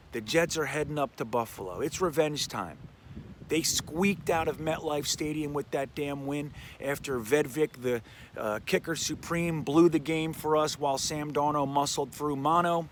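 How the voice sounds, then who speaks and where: A man's voice: fairly high pitch, a little hiss or hum. A man hosting a fan show, giving brash, joking sports predictions in casual commentary. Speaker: fan podcast host.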